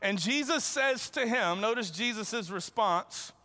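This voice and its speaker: A male preacher giving an animated, conversational sermon and acting out the dialogue as he goes. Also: sits high, unhurried. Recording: long reverb in a large hall.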